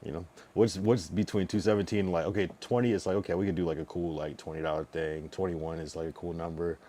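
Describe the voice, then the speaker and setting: A man casually chatting on his live stream, rambling and relaxed, with a lot of fillers and swearing. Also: low-pitched, quick pace. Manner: laid-back, rambling, heavy use of fillers and swearing.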